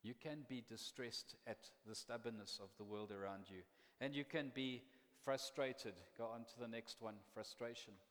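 A man's voice: medium pitch, fairly even intonation, normal speed, fairly bright tone. A man pastor preaching a sermon in a conversational, impassioned way, often repeating words as he builds up steam. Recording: long reverb of a large hall.

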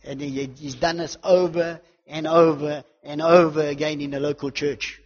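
A man preaching a sermon with a fervent delivery, swinging from loud declarations to hushed intensity and building repeated lists and refrains. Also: fairly high pitch, flat delivery, normal speed, big-room sound, lo-fi sound.

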